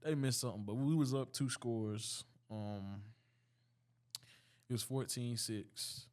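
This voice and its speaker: A late-teen high school boy tells a story in a laid-back way, full of fillers and restarts. He speaks slowly, and his tone is darkish.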